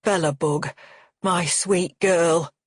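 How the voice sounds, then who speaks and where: A woman reading an audiobook voices an elderly father with dementia in a low, slow, husky voice. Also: dry recording, clean studio sound. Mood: doting. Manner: low, slow, shifting from lucid calm to panicked shouting.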